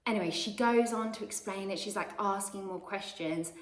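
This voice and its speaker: A woman's voice: medium pitch, moderate pace. A woman with a British accent telling a personal story in a rambling, confessional way. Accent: British English. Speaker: vlogger. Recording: roomy echo.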